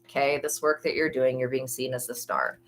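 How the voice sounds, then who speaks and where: A woman's voice: rumbling low, steady tone, brisk, a bit bright, a little hiss or hum, poor audio. A young woman giving a casual tarot reading, blunt and gossipy, swearing freely. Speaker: psychic tarot reader.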